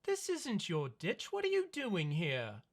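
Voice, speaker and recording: A game master voicing small, nosy elven children who fire off questions in a shrill, high voice. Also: wildly swooping pitch, a little slow, full character voice. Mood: defensive.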